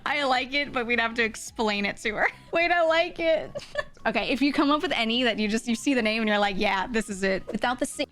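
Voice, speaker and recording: A woman's voice: on the high side, a little fast, fairly bright tone, faint music behind. A woman streamer chatting casually and playfully on a live stream, laughing often and reading out chat.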